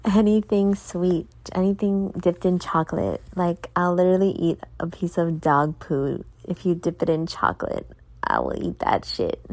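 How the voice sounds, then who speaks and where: A woman's voice: fairly low pitch, fairly even intonation, normal speed, hardly any pauses, a little mellow, dry recording. A tired, yawning woman hosting a casual solo podcast, earnestly motivating her listeners and speaking to them directly. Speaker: podcast host.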